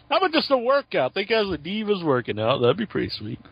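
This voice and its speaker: High lively man hosting talk radio. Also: normal speed, gravelly, husky, no echo. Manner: crude, joking, laughs often. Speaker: radio show host. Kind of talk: casual talk radio banter. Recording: dull lo-fi sound, dry.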